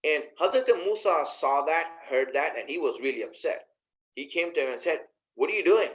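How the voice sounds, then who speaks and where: A man's voice: on the high side, animated, normal speed, a bit bright, poor audio. A man preaching a sermon in a conversational way, asking his listeners rhetorical questions and speaking to them directly. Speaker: Islamic preacher.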